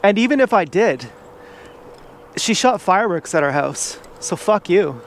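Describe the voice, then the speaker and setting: A man's voice: sits high, sing-song, unhurried, a little hiss or hum. A man vlogging outdoors from an e-bike, rambling in a casual monologue full of "like" and restarts.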